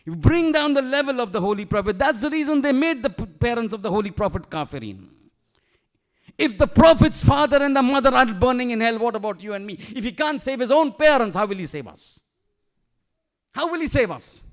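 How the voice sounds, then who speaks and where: A man's voice: very high voice, animated, a little fast. A man giving an emphatic sermon as a shaykh in a mosque, asking rhetorical questions and weaving in Arabic terms and verses. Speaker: shaykh giving a majlis lecture.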